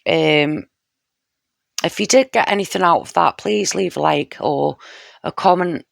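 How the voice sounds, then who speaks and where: Tarot reader, casual reading to camera, heartfelt, keeps checking in with the viewer, unhurried delivery. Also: mid-range voice, vocal fry, a bit bright, dry recording, clean studio sound. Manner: slow, heartfelt, frequent "you know" and "yeah?" check-ins; intimate, speaks straight to the viewer.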